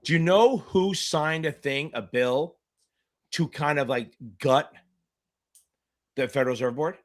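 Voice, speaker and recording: A middle-aged man, his voice a little high and his pace unhurried, tutors exam candidates during a live-streamed Q&A. He is blunt, profane and provocative, and he keeps rambling off into side stories.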